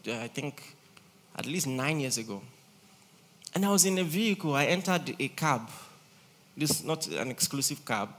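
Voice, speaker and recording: A man preaching a sermon as a pastor, animated and teasing, swinging between loud and soft. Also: on the high side.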